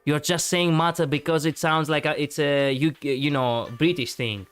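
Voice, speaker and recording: A man's voice: on the high side, steady tone, moderate pace, a bit bright, clean tone. Chatty man streaming over faint music. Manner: rambling, chatty, reacting to chat, frequent fillers. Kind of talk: casual live-stream chat.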